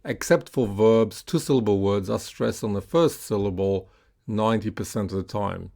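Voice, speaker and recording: Man teaching pronunciation, low gravelly voice, slow and patient, models words for repetition. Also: darkish tone. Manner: slow, patient, with frequent "uh" and "right?" checks; models words slowly for learners to repeat. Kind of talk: classroom pronunciation lesson.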